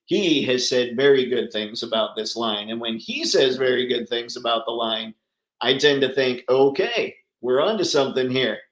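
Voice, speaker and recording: A man's voice: mid-range voice, fairly even intonation, moderate pace, fairly bright tone, echoey room, low-quality recording. A man hosting a casual livestream chat, talking enthusiastically and answering viewers by name. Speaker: livestream host.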